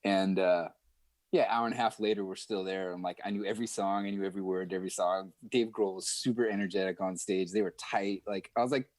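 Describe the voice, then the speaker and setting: A man guesting on a podcast, telling stories in a chatty, animated way with lots of fillers. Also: deep voice, fast, no echo. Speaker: guest musician. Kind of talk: casual podcast storytelling.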